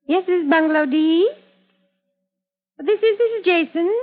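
A coy older radio schemer. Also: female voice, very high voice. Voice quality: drawn-out theatrical delivery. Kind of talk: 1940s radio acting. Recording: tinny old radio broadcast.

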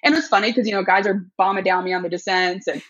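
A woman tells a story on a podcast, animated and quick to act out voices. Her voice has a husky edge, and the recording sounds a bit dull and lo-fi. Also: mid-range voice. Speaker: podcast guest. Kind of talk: casual chat.

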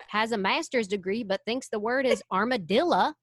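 A woman's voice: fairly high pitch, normal speed, hardly any pauses, no echo, studio quality. A young adult woman hosting a casual chat podcast, teasing and exclaiming a lot. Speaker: podcast host.

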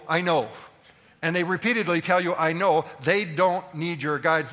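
A man preaching a sermon to a congregation, lively and full of questions to the room. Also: a little high. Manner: animated, addresses the congregation with questions. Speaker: pastor. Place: church hall. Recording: hall reverb.

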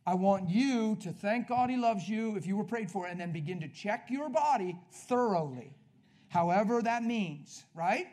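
A man preaching at a healing service in an energetic, conversational way, coaching the congregation with quick questions. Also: sits high. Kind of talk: sermon.

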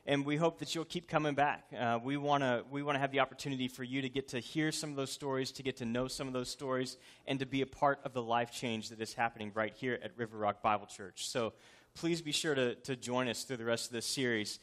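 A man's voice: medium pitch, steady tone, a little fast, fairly bright tone. A man in his thirties, a pastor, preaching a sermon in a conversational, joking yet earnest way.

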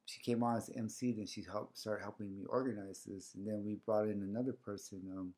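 Low-voiced man telling a story. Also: fairly even intonation, a little fast, a little mellow, slightly rough. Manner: rambling with many fillers, acts out quoted dialogue. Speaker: guest organizing a community series. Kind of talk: casual conversational storytelling.

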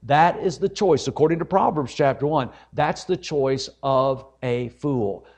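A man's voice: mid-range voice, a little slow, darkish tone. A man preaching a sermon as an evangelist, fervent and folksy, often calling his listeners folks and rising to emphatic peaks. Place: church service.

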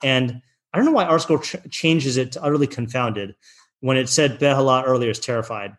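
A man's voice: medium pitch, a little fast. A man teaching an online text study class, reading passages out and translating them in a loose, chatty way with plenty of fillers and restarts.

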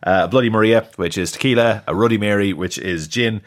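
Low-voiced man hosting a quiz. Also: brisk. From has lived in the US. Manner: reads clues, laughs at own stumbles. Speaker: podcast co-host, quizmaster. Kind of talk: casual quiz chat.

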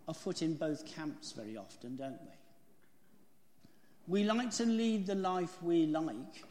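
A man's voice: fairly high pitch, a bit bright. A man preaching a sermon in a storytelling way, often asking his listeners rhetorical questions. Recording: echoey hall.

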